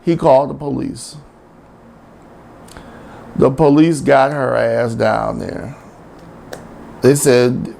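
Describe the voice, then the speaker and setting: Gravelly, drawling man ranting comically. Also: medium pitch, takes it slowly, long pauses. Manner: animated, drawling, exclamatory. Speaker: host of a satirical news rant show. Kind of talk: comic rant.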